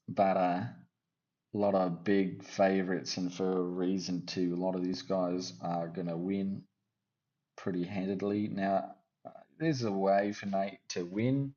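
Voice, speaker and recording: Man, fight-picks host, casual, jokey, rambling, low voice, muffled lo-fi sound. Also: flat delivery, unhurried, mellow. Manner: jokey, rambling, teasing asides. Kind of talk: casual fight-prediction chat.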